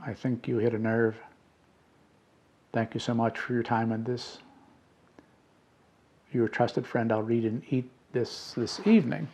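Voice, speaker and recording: Middle-aged guy with a gravelly voice, slow and halting, reads letters aloud and mulls them over. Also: medium pitch, a little mellow. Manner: slow, halting, with fillers and restarts. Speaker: spiritual podcast host. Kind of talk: reflective reading of letters.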